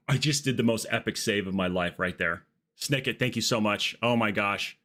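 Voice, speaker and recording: A man streaming a game live, chatting casually and riffing jokes with his chat. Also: lowish voice. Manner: jokey, riffing excitedly with chat.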